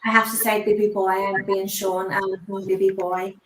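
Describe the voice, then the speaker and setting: A woman working as a psychic medium, giving a spiritual reading on a chat show in a halting way, often pausing on "um" and "I want to say". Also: medium pitch, level tone, reverberant, slight background noise, rough recording.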